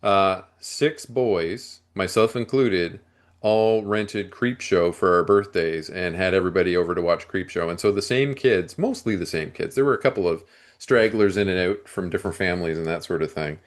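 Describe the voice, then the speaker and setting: A man's voice: sits low, moderate pace. A man who is a guest on a video-call chat, telling a story in a laid-back way. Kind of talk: casual chat.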